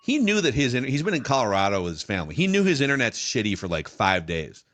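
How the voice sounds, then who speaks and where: A man's voice: mid-range voice, big pitch swings, fast talker, a bit bright. A man co-hosting a football podcast, teasing his co-host and steering the show. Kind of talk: casual chat.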